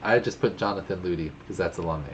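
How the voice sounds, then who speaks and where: A man's voice: low voice, quick pace, muffled recording, background noise. A man co-hosting a casual livestream from a home studio, announcing pilots and laughing easily. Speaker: co-host.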